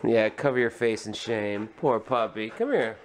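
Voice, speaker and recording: A man filming a casual home vlog, chuckling and gently soothing his frightened dog. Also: on the low side, normal speed, slight background noise. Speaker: vlogger. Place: home indoors.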